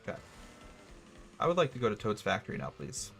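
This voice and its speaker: A young man with a lowish voice chatting through a live gaming stream. He rambles from thought to thought with a joking, sarcastic streak, and quiet game music plays underneath. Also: huge pitch swings, fairly quick, vocal fry. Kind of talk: gaming livestream chat.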